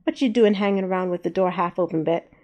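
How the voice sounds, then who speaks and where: A gruff, bossy old terrier who runs his shop with a firm hand, as a woman puts him on. He has a mellow tone in a storybook reading. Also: lowish voice, fast talker, lightly acted.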